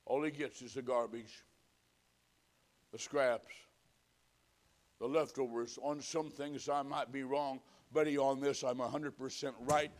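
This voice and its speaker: A man preaching a sermon, telling a story in hushed tones and building to forceful exhortation. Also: mid-range voice, fairly even intonation, measured pace, pauses often. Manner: storytelling with hushed quoted whispers and rising exhortation.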